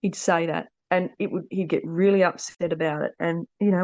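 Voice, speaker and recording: A woman's voice: lowish voice, fairly even intonation, normal speed, a little mellow, dry recording. A woman in her thirties, a mother on a podcast, telling her family's story in a rambling, earnest way. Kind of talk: casual storytelling. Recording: dull lo-fi dry sound.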